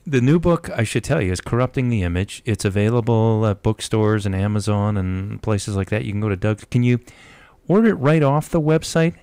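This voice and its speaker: Deep, mellow-voiced radio host. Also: male voice, fairly quick, no echo. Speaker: radio talk show host. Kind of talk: radio interview talk.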